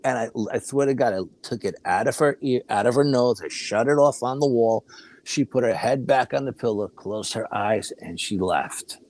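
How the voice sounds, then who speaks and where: An older man, a guest, telling a personal story in a casual, animated way, often acting out other people's words. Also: mid-range voice, normal speed. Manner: animated, acts out quoted voices, frequent laughs.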